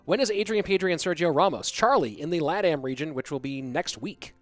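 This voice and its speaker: On the high side and a little fast, this man's voice carries a live esports broadcast that he both casts and hosts. Between plays he chats casually and works through questions from viewers.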